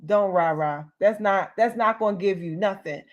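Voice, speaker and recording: A woman hosts a livestreamed motivational talk in a medium-pitched voice at normal speed, and the sound is lo-fi. She speaks emphatically, hammers home key phrases, and drops casual slang.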